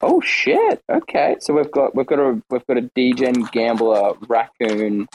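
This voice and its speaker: A man hosting an online audio chat, lively and excitable as he hands the floor around. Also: medium pitch, normal speed, slight background noise, poor audio. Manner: lively, excitable, herding speakers. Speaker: host. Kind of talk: casual chat.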